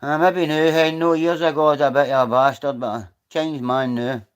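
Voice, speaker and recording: A man's voice: a little high, fairly even intonation, fairly quick, clean tone. Chatty Scottish man rambling on a livestream. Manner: rambling, chatty, swears freely. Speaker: livestream host. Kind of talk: casual livestream chat. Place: outdoors.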